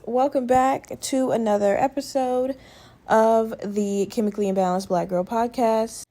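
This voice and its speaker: A woman hosting her own podcast in a casual, rambling, profane chat, her voice still a little rough from a respiratory infection. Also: a little high, warm tone. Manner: rambling, profane, conversational, with many fillers. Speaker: podcast host.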